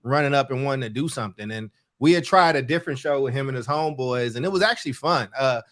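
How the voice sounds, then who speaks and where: A man hosting a podcast in casual chat, warm and effusive, often repeating and stumbling over words. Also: mid-range voice, quick pace. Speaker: podcast host.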